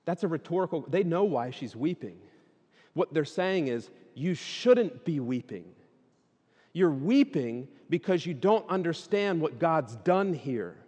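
A man preaching a sermon, casual at first and then animated, building to loud emphatic peaks. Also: fairly high pitch, measured pace, slightly rough. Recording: long reverb of a hall.

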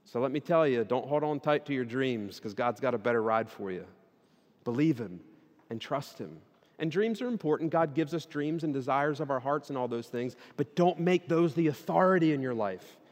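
A man preaching a sermon, casual at first and then animated, building to loud emphatic peaks. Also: mid-range voice, normal speed. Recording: long reverb of a hall.

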